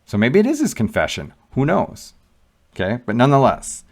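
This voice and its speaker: A man's voice: mid-range voice, wildly swooping pitch, normal speed, darkish tone. A man giving casual, emphatic commentary on scripture and asking rhetorical questions. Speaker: Catholic commentator.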